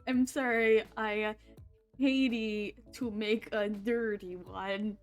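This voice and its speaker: A woman's voice: medium pitch, fairly even intonation, extremely slow, faint music behind. A woman hosting a casual stream, joking around and laughing often. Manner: giggly, joking, frequent laughter. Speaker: streamer host.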